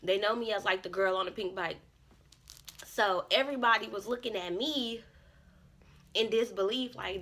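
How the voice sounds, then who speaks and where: A young woman vlogger telling a casual storytime, animated and profane, often jumping into loud quoted self-talk. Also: mid-range voice, normal speed, gravelly, long pauses.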